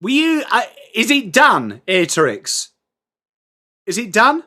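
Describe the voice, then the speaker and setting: A man's voice: high-pitched, wildly swooping pitch, takes it slowly, pushed and bright. A man with an English accent hosting a casual live sports watchalong stream, chatting and greeting viewers by name. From England.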